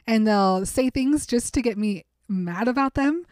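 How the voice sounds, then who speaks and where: Woman co-host, mid-high voice, reads the book out and chats, dry close sound. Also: a little slow, no echo. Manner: reads dialogue with light acting, relaxed. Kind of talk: reading a book aloud and chatting.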